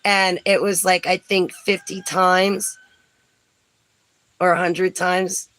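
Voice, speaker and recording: A middle-aged woman from New Jersey, telling stories in a chatty vlog, breaking into lively exclamations and laughs. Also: lowish voice, slow, poor audio. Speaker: vlogger. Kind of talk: casual storytelling chat.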